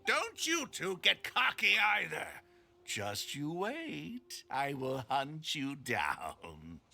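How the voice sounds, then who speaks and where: An actor playing a menacing male crook in a game, delivering slow, sneering threats. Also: fairly high pitch, huge pitch swings, creaky, bright, forceful tone, soft background music, heavily acted. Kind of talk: game voice acting.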